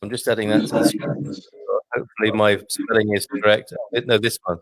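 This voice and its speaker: A man's voice: fairly low pitch, level tone, fairly quick. A man hosting a live online show, chatting casually with a good-humoured, self-deprecating manner. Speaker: host.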